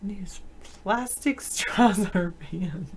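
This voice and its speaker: A woman's voice: medium pitch, extremely slow, a little hiss or hum. A woman hosting a casual live video chat, reading viewer comments aloud and answering them with frequent laughs. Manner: laughs often mid-sentence. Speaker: show host.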